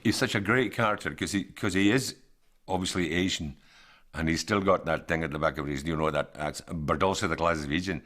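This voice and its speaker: A man's voice: deep voice, a little fast, a bit bright. A man, interviewed, recalling an acquaintance in a rambling, hesitant way. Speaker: actor interviewed about the show. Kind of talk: documentary interview.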